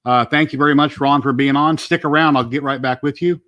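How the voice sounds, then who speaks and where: A man's voice: fairly high pitch, steady tone, a little fast, a bit bright, lo-fi sound. A man hosting a casual livestream chat, plain-spoken and opinionated. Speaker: livestream host.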